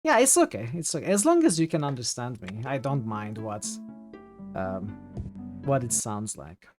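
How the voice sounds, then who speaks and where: Faint music plays behind this man's medium-pitched, darkish voice, which swings widely in pitch at a normal speed. Speaking with a Turkish accent as a native Turkish speaker, he streams a game and chats casually, reading the chat and thinking out loud with many fillers.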